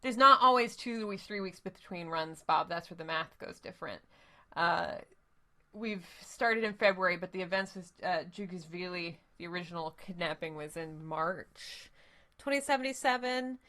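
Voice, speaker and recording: A woman's voice: on the low side, moderate pace, bright, forceful tone. A woman streamer chatting casually to her viewers while playing a game, rambling and thinking aloud. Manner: chatty, rambling, talks to chat. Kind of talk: casual live gameplay commentary.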